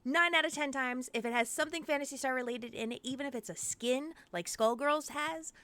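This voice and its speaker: A woman hosting a live-stream interview, excitable and gushing, swearing freely. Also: high-pitched, fairly quick, no echo. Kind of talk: casual live-stream chat.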